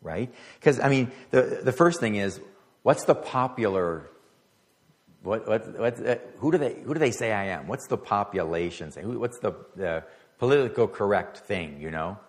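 A man's voice: lowish voice, expressive, normal speed. A middle-aged man preaching a sermon as pastor, talking conversationally and stumbling over words at times. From United States.

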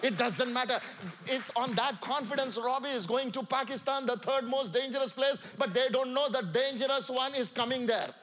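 A man with an Indian accent preaching a sermon to a church congregation, swinging from loud calls to quiet asides. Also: very high-pitched, normal speed, hardly any pauses. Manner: emphatic, rising and falling between loud calls and quiet asides. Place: church sanctuary.

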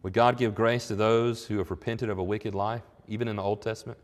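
A man's voice: lowish voice, steady tone, brisk, in a large hall. A man preaching a sermon in an earnest, conversational way, rising into emphatic swells on key points. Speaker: pastor.

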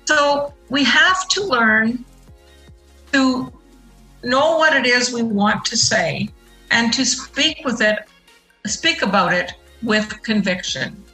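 A woman's voice: medium pitch, takes it slowly, bright, forceful tone, soft background music, rough recording. A middle-aged woman answering interview questions in an earnest, explanatory way, leaning on her key points. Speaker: guest.

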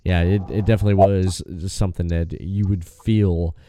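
A man's voice: low voice, background noise. A man hosting a wrestling podcast, chatting casually and often restarting his phrases. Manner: relaxed, halting, restarts phrases. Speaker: podcast host.

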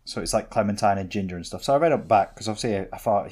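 A man talks in a low, easygoing voice. He co-hosts a casual chat podcast and tells stories in a dry, unhurried way. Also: a little mellow, husky. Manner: laid-back storytelling, dry humour. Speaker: podcast co-host. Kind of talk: casual banter.

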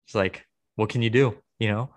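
A man's voice: fairly low pitch, fairly even intonation, moderate pace. A young man co-hosting a podcast, venting in a rambling, exasperated way with many restarts. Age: young adult. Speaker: podcast co-host. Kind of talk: casual chat.

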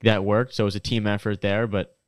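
Easygoing man with a smooth voice. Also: on the low side, little pitch movement, brisk, dry recording, clean studio sound. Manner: easygoing, repeats words and restarts. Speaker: podcast co-host. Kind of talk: casual sports chat.

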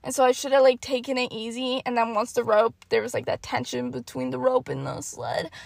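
A young woman with a high voice and a gravelly, fried edge chats on her podcast, laughing at herself as she tells stories and swears freely. She talks into a close mic in a dry, dead room with no echo. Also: fairly quick. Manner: animated, self-mocking, swears freely. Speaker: podcast host. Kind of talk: casual storytelling monologue.

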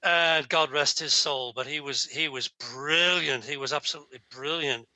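A man's voice: fairly high pitch, moderate pace, sharp tone, no echo, poor audio. A man in a time-traveling famous rock singer persona, chatting casually on a podcast with rambling, laughing anecdotes.

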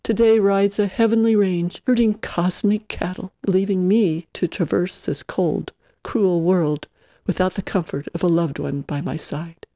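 A pompous older aunt, put on by a reader, speaking in a grandiose, pseudo-cultured manner. The voice is dark and mellow, close and dry. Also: medium pitch, steady tone, unhurried, no room sound, voice pushed up, close to an everyday voice. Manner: affected, grandiose.

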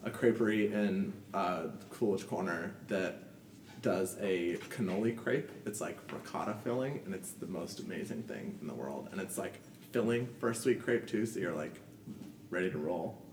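Young male podcast host, chatty and rambling, mid pitch, recorded off-mic in an echoey room. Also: normal speed, darkish tone, recorded from a distance. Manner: chatty, many fillers and laughs. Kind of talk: casual chat. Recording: roomy, off-mic with faint noise.

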